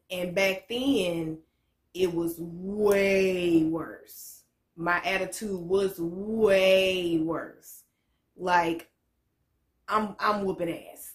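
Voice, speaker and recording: Blunt, profane woman storyteller, echoey room. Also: on the low side. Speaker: motivational vlogger. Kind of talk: casual storytelling to camera.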